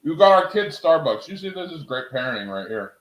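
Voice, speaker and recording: A young man streaming from home, chatting casually with his viewers in an excitable, rambling way and laughing at himself. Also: on the high side, fairly quick, reverberant, highs cut off. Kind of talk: casual live-stream chat.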